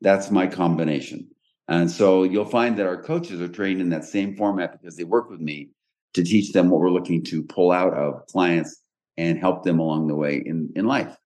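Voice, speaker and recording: A man with a fairly low voice hosts a casual podcast. He explains things plainly and directly, often restarting his sentences as he goes. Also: normal speed, a little mellow. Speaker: podcast host and coach.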